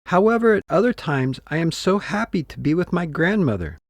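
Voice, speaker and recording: A man's voice: high voice, expressive, brisk, no echo, clean studio sound, pitched above the performer's own voice. A man playing a sweet little storybook girl. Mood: innocent. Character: innocent young girl in a red hood.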